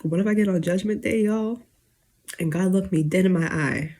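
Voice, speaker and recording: A YouTuber in her twenties speaks straight to her viewers in a loose, late-night rant, rambling with lots of fillers and restarts. She's teary and on the verge of crying, struggling to hold it together. Her voice is mellow, slightly husky, on the low side, at a normal speed.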